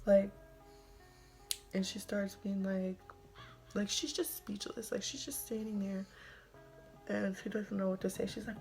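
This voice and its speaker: A woman's voice: mid-range voice, level tone, measured pace, darkish tone, soft background music. A young adult woman telling a casual storytime vlog, chatty and full of fillers, sometimes dropping into a whisper. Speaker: vlogger.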